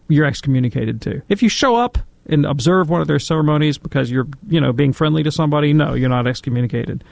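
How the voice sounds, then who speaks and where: A man's voice: a little high, creaky, darkish tone, no echo. A man answering listener questions on a Catholic radio call-in show, chatty and digressive, laughing at his own tangents. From Alabama, US. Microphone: studio microphone.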